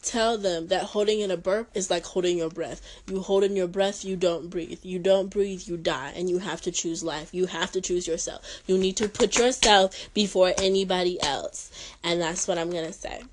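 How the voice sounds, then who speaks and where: A woman's voice: on the low side, steady tone, normal speed, a little hiss or hum, rough recording. A young woman hosting a podcast, chatting casually and rambling through stories with joking asides. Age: young adult. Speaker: podcast host.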